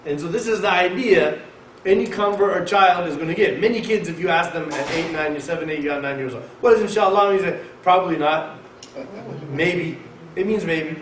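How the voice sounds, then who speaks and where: A man giving a conversational sermon at a mosque, lecturing in an emphatic, animated way. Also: on the high side, a little fast. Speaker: mosque speaker. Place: mosque hall. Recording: echoey hall, mic far off, faint hiss.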